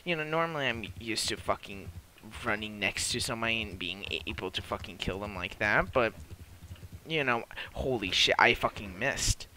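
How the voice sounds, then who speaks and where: Sharp-voiced swearing gamer man. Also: fairly low pitch, expressive, moderate pace, slight background noise. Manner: constant swearing, frustrated outbursts at enemies; self-aware, admits he is new to the game. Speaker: gamer playing a multiplayer beta. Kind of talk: live gameplay commentary.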